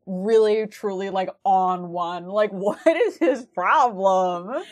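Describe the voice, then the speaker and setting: A woman's voice: medium pitch, slow pace. A woman co-hosting a podcast in casual, profane, filler-heavy chat. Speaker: podcast co-host.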